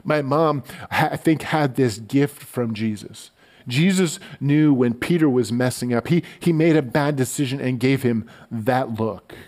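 A man giving a relaxed, conversational sermon as a pastor, often repeating words as he goes. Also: mid-range voice, measured pace. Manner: conversational, relaxed storytelling with frequent stammered word repeats.

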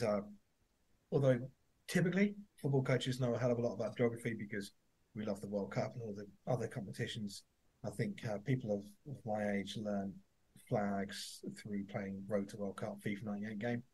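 A man hosts a football podcast and talks in a chatty, anecdotal way as he questions his guest. His voice has a slightly husky, breathy edge. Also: fairly low pitch, normal speed, a little mellow. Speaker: podcast host, football coach. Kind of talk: casual conversational interview.

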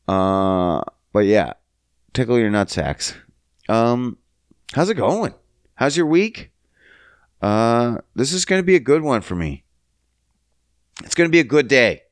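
A young man from Canada rambles through his solo podcast, cursing freely and breaking into sing-song bits. His delivery is unhurried, with pitch that leaps around playfully. The sound is dry and close, with no room around it. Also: no echo. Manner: sing-song, jumps high in pitch for silly bits, profane. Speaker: podcast host. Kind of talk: solo comedic podcast rant.

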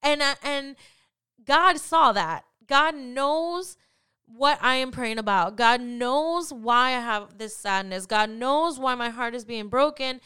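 A woman's voice: high voice, slow, bright, forceful tone, clean tone. A woman hosting a faith podcast, talking in an earnest, encouraging way and often repeating phrases for emphasis. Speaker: podcast host.

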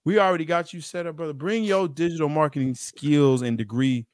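A man co-hosting a podcast in casual chat, telling stories in animated, quick bursts. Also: on the high side, no room sound, studio quality. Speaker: podcast co-host.

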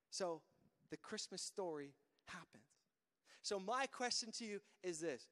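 A man with a high-pitched voice preaches in an easy, conversational way. He often stumbles over a word or two before a thought gets going. His voice rings out with a long hall reverb. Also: lively intonation, a little slow, bright, forceful tone. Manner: conversational, repeats words when starting a thought. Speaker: pastor. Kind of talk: casual sermon.

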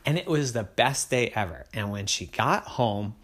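An adult telling a bedtime story in a gentle, playful way. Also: mid-range voice, expressive, normal speed, few pauses.

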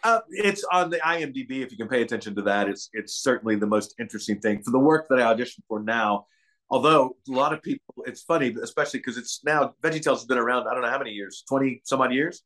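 A man's voice: medium pitch, animated, fast talker, fairly bright tone. An older man from Kentucky, a guest actor, chatting in an interview and telling meandering stories. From Kentucky, USA. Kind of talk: casual interview chat.

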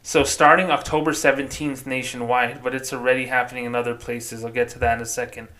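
A man's voice: medium pitch, little pitch movement, fast, pushed and bright. A man hosting a solo podcast, ranting casually with frequent swearing and restarts. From New Mexico, United States. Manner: profane, exasperated, rambling. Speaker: podcast host.

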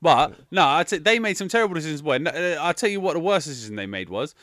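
A man's voice: a little high, animated, fast talker, a bit bright, no echo, studio quality. A young man, chatting casually and animatedly about a film as a podcast co-host, swearing and ranting in exasperation. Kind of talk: casual film review chat.

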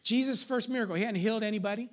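High-voiced pastor preaching playfully. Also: male voice, racing, a bit bright, slight background noise. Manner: conversational, playful preaching with call-outs to the congregation. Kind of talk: sermon.

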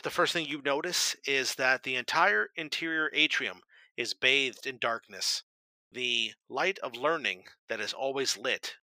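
A man's voice: medium pitch, bright, forceful tone, no echo, low-quality recording. A man narrating a tabletop game as game master, describing scenes vividly and dramatically.

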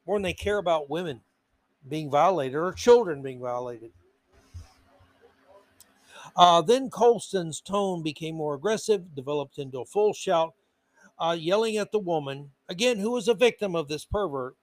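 A male podcast host with a notably high voice rants through an indignant commentary monologue. He hammers his points with repeated words. The sound is close and dry, with no room echo. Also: animated, moderate pace. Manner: indignant ranting with emphatic repetition.

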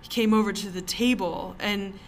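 An easily offended churchgoing lady in a wound-up, insistent voice, as a woman puts her on. She sounds mid-pitched and a little loud, with faint noise behind her. The figure is part of a story told over casual podcast chat. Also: fairly even intonation, normal speed, lightly acted.

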